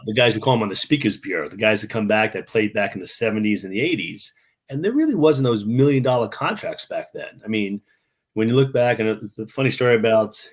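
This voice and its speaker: A middle-aged New Yorker with a lowish, husky voice is a guest on a video-call interview. He tells chatty anecdotes in a casual storytelling style, restarting often and imitating the people he describes.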